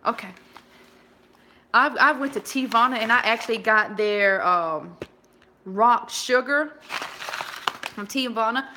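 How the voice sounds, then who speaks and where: A woman's voice: a little high, slow pace, pauses often, pushed and bright, slight background noise. A woman chatting casually with live viewers from her home, rambling with many restarts. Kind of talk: casual live-stream chat.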